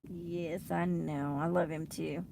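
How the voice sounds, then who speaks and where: Woman on a late night live stream from her truck, gravelly voice, talks slow, laughs a lot. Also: fairly low pitch, level tone, noisy background. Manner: chatty, laughs often, reads and answers viewer comments. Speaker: livestream host. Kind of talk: late-night livestream chat.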